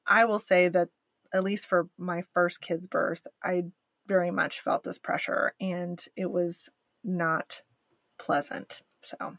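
A woman's voice: on the low side, level tone, takes it slowly, vocal fry, fairly bright tone, no echo. A woman co-hosting a podcast, speaking candidly and emphatically in casual chat. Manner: candid and emphatic, with nervous laughs. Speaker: podcast co-host.

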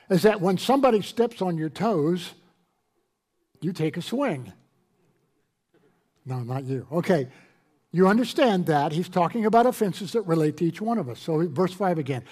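A male pastor preaching a sermon to a congregation, quoting scripture in a raised, animated voice. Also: high-pitched. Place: church hall with congregation.

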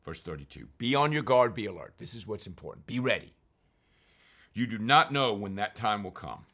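A man's voice: on the low side, lively intonation, moderate pace, bright, forceful tone. A man teaching from scripture, reading verses aloud and then explaining them in plain, conversational terms. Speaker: preacher.

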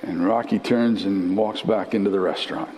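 A man preaching a sermon as a pastor, animated and often repeating the first words of a phrase. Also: fairly low pitch, moderate pace, in a large hall, slight background noise, rough recording.

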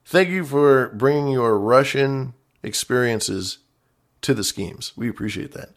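A man's voice: mid-range voice, unhurried. Playful male call-in show host. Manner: playful, mock-dramatic, repeats himself. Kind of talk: casual call-in show hosting.

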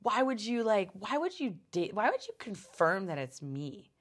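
A woman hosting her own podcast, telling a personal story in a casual, animated way, with lots of swearing, fillers and restarts. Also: medium pitch, normal speed. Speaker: podcast host.

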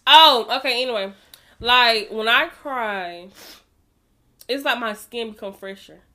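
Woman, podcast co-host, slightly high voice, animated, teasing, emphatic, casual studio chat. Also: unhurried. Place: recording studio.

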